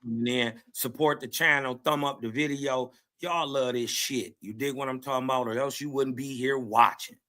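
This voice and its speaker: Brash bright-voiced man hosting a stream. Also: mid-range voice, steady tone, moderate pace, few pauses. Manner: brash trash talk, repeats "you dig what I'm talking about". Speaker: livestream host. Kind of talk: casual livestream banter. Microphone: call-in livestream audio.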